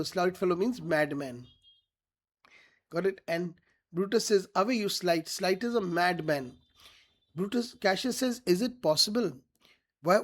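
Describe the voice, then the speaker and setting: Teacher explaining line by line. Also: male voice, sits high. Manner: reads each quote then paraphrases it plainly, often checks "got it?". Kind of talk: line-by-line literature lesson.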